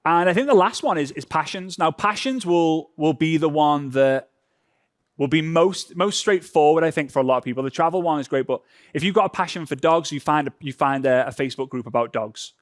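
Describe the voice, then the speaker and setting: A man's voice: a little high, brisk, no room sound, studio quality. A man from Europe co-presenting a live social media workshop, talking loosely with restarts as he demonstrates. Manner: chatty, loose, with many restarts.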